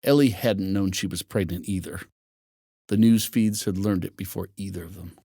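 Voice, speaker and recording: A man narrating a novel in a steady, even storytelling manner. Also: sits low, moderate pace, dry recording, studio quality. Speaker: audiobook narrator. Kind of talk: scripted narration.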